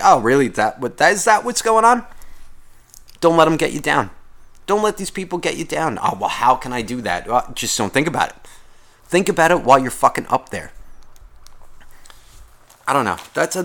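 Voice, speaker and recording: A man's voice: mid-range voice, a bit bright. Profane, sarcastic man ranting. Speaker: podcast host. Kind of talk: comedic rant.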